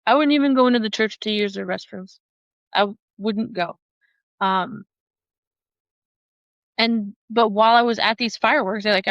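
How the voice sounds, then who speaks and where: A woman who is a podcast guest, telling a personal story in an animated way, often laughing and acting out the voices of other people. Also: mid-range voice, no room sound, dull audio.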